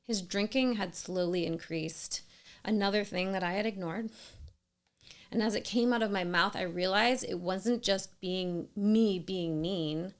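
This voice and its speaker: Earnest woman with vocal fry. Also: medium pitch, measured pace. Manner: earnest, emphatic, with soft whispered asides. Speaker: storyteller sharing a personal experience. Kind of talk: scripted personal narration.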